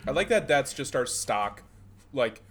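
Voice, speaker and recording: A man's voice: medium pitch, big pitch swings, a little slow, a bit bright. Rambling young man telling store stories. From Southeast Michigan. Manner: rambling, swears a lot, laughs while telling stories. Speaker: podcast co-host. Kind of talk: casual chat.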